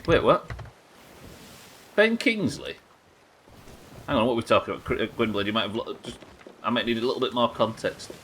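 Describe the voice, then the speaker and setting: A man's voice: mid-range voice, lively intonation, fairly quick, long pauses, fairly bright tone, a little hiss or hum. A young man streaming a pirate game live, chatting with viewers and swearing casually. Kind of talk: live game commentary reading chat.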